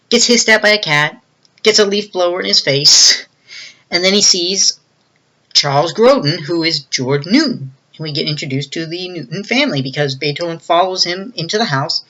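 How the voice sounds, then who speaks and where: A bright, crisp voice telling a film's story from start to finish in a loose, chatty way. The reviewer rambles with plenty of fillers and slips into livelier, higher tones to act out what the characters say. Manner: retells scenes, acting out quoted lines in a raised voice. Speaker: movie reviewer. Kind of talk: casual plot recap.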